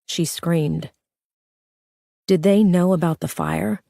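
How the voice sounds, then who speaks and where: Lady narrating a dark thriller audiobook, lowish voice, tense urgent read, dry close sound. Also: wildly swooping pitch, takes it slowly, vocal fry, no echo. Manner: tense, urgent dramatic reading.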